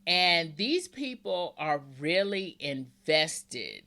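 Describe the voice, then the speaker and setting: An unhurried woman hosting a podcast interview about books. She rambles warmly through her thoughts and laughs often. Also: on the low side, sing-song. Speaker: podcast host. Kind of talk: casual interview chat.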